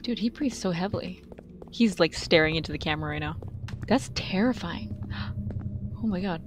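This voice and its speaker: A woman's voice: on the low side, moderate pace, noisy background. A woman watching cameras in a horror game, teasing her partner and laughing a lot. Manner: teasing, giggly, mock-taunting. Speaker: co-op gaming partner. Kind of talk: casual gaming banter.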